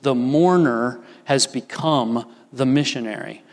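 An older man preaching a sermon as pastor, slow and deliberate with emphatic pauses. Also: medium pitch. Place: church sanctuary. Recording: long reverb of a church hall.

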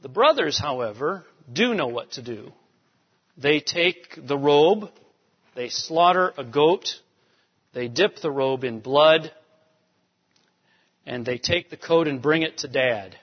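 A man's voice: fairly high pitch, animated, takes it slowly, long pauses, breathy edge. A man teaching a Bible lecture in a conversational way, checking in with rhetorical questions. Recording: dull recording with long hall reverb.

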